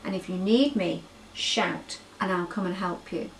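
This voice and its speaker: A woman's voice: on the low side, unhurried, distant mic, lightly acted, poor audio. Woman voicing a helpful, secretive snake in a bedtime story. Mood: hushed warning. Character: sleepy, helpful snake on a rock.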